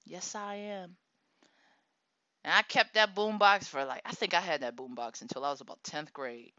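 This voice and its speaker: A woman in her thirties telling a personal story in a casual, animated way, laughing often and acting out the people she quotes. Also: low-pitched, a little fast, no room sound. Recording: dull lo-fi dry recording.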